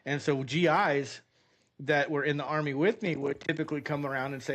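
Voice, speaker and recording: A middle-aged man streaming a game, chatty and animated, often laughing as he tells a long story. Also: fairly high pitch, brisk. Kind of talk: casual storytelling while gaming.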